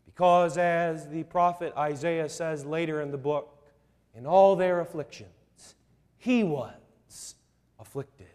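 A man preaching a sermon, slow and emphatic, with repeated rhetorical questions. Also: a little high, darkish tone, big-room sound.

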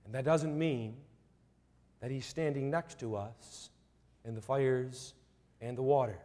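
A man preaching a sermon, slow and emphatic, with repeated rhetorical questions. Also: medium pitch, mellow, in a large hall.

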